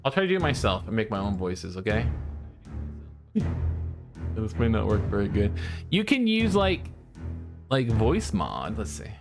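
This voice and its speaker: A man's voice: on the low side, huge pitch swings, unhurried, long pauses. A man streaming a video game, chatting casually, thinking aloud and laughing often into a desk microphone. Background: game music.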